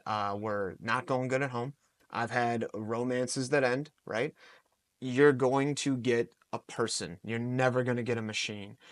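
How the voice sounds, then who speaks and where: Guy in his 40s, podcast guest coach, really animated storyteller, dry close sound. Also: mid-range voice, no echo. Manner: animated, storytelling with acted-out quotes. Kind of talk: podcast interview answers.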